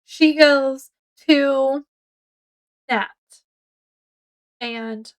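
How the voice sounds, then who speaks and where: A woman's voice: high-pitched, extremely slow, poor audio. A woman giving a casual, chatty book review, rambling a bit with fillers as she retells the plot.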